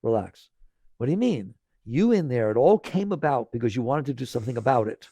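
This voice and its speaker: A man teaching spirituality in a relaxed, conversational talk. He repeats phrases gently and often checks in with listeners by asking "right?". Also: mid-range voice, a little fast, no echo. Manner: conversational, tags lines with "right?".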